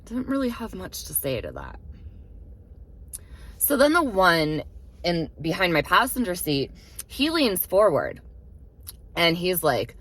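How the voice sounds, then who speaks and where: A young woman with a low voice tells a story to camera, leaning hard on her words and swearing freely. Her pitch swings widely as she retells it. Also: wildly swooping pitch, slow, long pauses, fairly bright tone, slightly rough. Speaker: vlogger. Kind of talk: casual storytime monologue.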